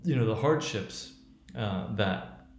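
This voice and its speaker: A man lecturing on how a speech is built and spoken. He talks haltingly, with many restarts and fillers, and often checks in with "right?". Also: lowish voice, animated, roomy sound. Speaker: teacher.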